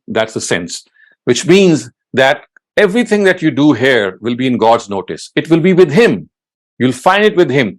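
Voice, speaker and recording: Man teaching scripture word by word. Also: medium pitch. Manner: translating word by word, slow and deliberate; recites Arabic verses in quick chant. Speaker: lecturer.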